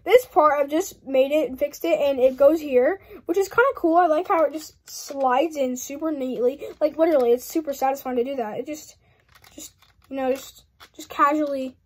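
A young woman casually talking through a model build on her channel, giggling often and rambling with frequent apologies. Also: high voice. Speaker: hobby channel host.

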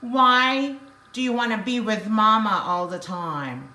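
A woman's voice: on the high side, slow, pushed and bright. A woman at home talking to her dog in coaxing, sing-song baby talk during a casual home video. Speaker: dog owner. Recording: echoey room.

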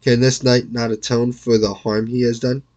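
A man reading aloud, voicing a calm, courteous knight. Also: mid-range voice, normal speed, muffled recording, lightly acted. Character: brave, courteous male knight.

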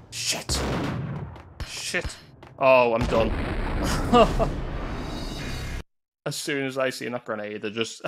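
A man commentating his gameplay, excitable and swearing, yelping and laughing at the action. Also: mid-range voice, unhurried, pauses often, noisy background. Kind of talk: let's-play commentary. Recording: game gunfire loud in the mix.

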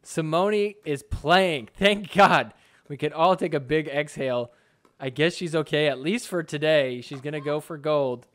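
This sports podcast host has a fairly high voice and speaks at a normal speed, giving casual commentary over match footage. He stays chatty and animated, acting out the players' reactions.

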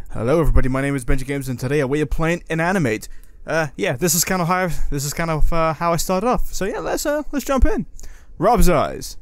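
A man's voice: on the high side, animated, a little fast, dry recording. A man hosting a horror let's-play, reading the game's lines aloud and reacting with jumpy exclamations and swearing. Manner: reads in-game lines aloud to himself. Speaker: gaming video host.

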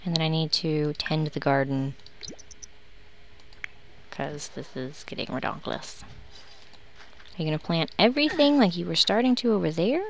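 Low-voiced woman, sarcastic game commentary. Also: measured pace, long pauses, a little hiss or hum. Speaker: let's play host. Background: background music.

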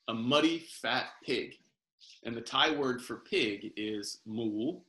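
A man reading a children's picture book aloud in a gentle sing-song, pausing to explain words over a video call. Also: medium pitch. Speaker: professor reading picture books to families. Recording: roomy echo.

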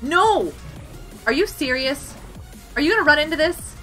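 Woman streamer, high lively voice, bright, excitable, faint music behind. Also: moderate pace. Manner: excitable, laughing, shouting at the game. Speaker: live streamer. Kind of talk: live gameplay streaming.

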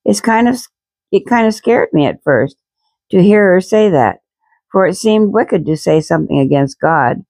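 Woman reading as an upset little girl, hesitant and pleading, in a storybook, with a lively, gravelly lilt. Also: on the low side, normal speed, no room sound. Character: troubled young girl, earnest and tearful.

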